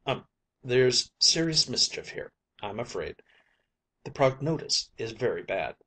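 A man's voice: mid-range voice, big pitch swings, measured pace, pushed and bright, exaggerated voice. A man voicing a fussy ship's captain obsessed with doctoring, in a solemn, self-important tone.

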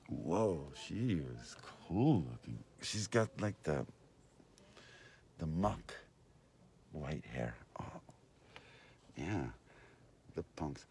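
A man's voice: a bass voice, big pitch swings, extremely slow, pauses often, a little mellow, a little hiss or hum. A man hosting a casual, rambling vlog, meandering between talking to viewers and to people nearby. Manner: meandering, talks to viewers and passersby. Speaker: vlogger and host.

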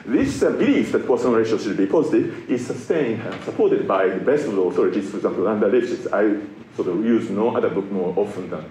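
A man's voice: lowish voice, animated, quick pace, dark tone, slight background noise. A middle-aged man from Japan giving a public science lecture, playful and self-mocking as he explains ideas to an audience. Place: lecture hall. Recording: roomy lecture hall with faint ambience.

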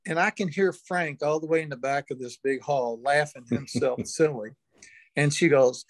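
A man's voice: on the high side, dry recording. An older man, an interview guest, telling a long folksy anecdote and chuckling now and then. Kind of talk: storytelling in an interview.

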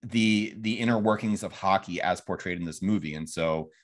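A man with a lowish voice talks through a film scene by scene in a relaxed podcast chat. He rambles, restarts and slips into quick impressions of the characters. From Phoenix, Arizona. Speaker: podcast host. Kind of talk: casual film review chat.

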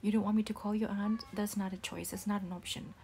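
A young woman playing a disappointed, stern single mother in a whispered role-play, speaking softly and haltingly with many restarts. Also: mid-range voice, little pitch movement, gravelly, slight background noise, close to an everyday voice. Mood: stern, scolding. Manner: soft-spoken, halting with restarts.

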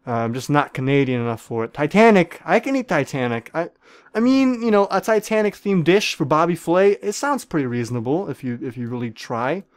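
A man's voice: a little high, very animated, a little fast, no room sound, clean studio sound. A man giving joking, profane commentary while playing a game, talking to the other players and playing up a comic celebrity-chef persona. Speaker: gaming video creator.

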